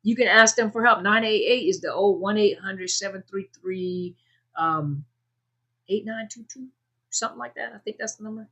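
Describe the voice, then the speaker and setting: A woman's voice: medium pitch, normal speed, fairly bright tone, slightly rough. A woman hosting a casual advice talk, speaking conversationally, repeating her points and addressing her audience directly. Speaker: host giving advice on narcissistic abuse. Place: indoors, under a bright light.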